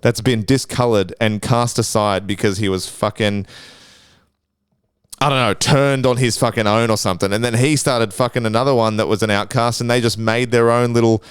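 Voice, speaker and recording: A man's voice: mid-range voice, steady tone, moderate pace, clean tone, no echo, clean studio sound. An Australian man hosting a casual solo podcast, rambling and crude, swearing constantly and restarting his sentences. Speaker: podcast host.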